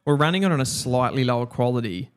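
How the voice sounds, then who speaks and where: A man's voice: mid-range voice, quick pace, clear, resonant tone. An Australian man hosting a casual footy watch-along, chatting and calling the play. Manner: chatty, calls the play as it happens. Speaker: host.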